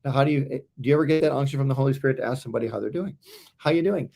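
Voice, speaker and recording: A man's voice: mid-range voice, rapid-fire, gravelly, darkish tone. A man co-hosting a casual Christian talk stream, telling a personal story in a rambling way with many fillers.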